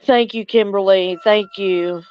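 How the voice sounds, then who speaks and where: An older woman from Louisiana hosting a casual livestream chat, speaking slowly and tenderly with soft chuckles, tearful at times. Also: medium pitch, steady tone, smooth, no echo, highs cut off. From Louisiana, USA. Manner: slow, tender, chuckling between lines. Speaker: livestream host.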